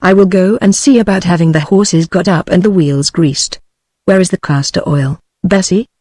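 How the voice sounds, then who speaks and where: A synthetic woman reading a brisk old uncle. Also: fairly low pitch, mellow, no room sound, clean studio sound, close to an everyday voice. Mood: commanding. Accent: British English. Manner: bustling, commanding. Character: brisk elderly English uncle.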